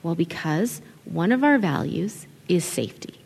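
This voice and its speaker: Expressive woman speaking in a big hall. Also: fairly low pitch, normal speed, vocal fry, slightly rough. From Italian family background. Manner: expressive, conversational, quotes people in acted voices. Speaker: children's ministry leader. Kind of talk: conference talk to ministry leaders. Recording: long hall reverb.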